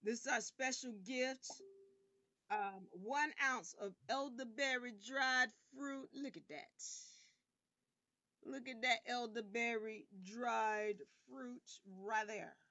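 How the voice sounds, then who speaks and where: A woman hosting an online game show livestream. She talks emphatically and sometimes bursts out loudly. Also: on the high side, slow pace, dry recording, dull audio. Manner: animated and emphatic, bursts into loud outbursts. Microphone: camera rig.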